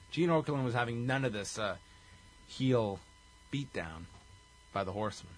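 A man's voice: lowish voice, lively intonation, moderate pace. A man hosting a casual chat, recapping events in detail. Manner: recaps events in detail, briefly acts out quotes. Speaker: podcast host.

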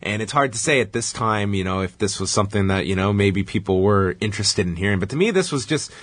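A man's voice: on the low side, lively intonation, fast. A man hosting a podcast, recapping a show in a wry, sarcastic way. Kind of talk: casual chat.

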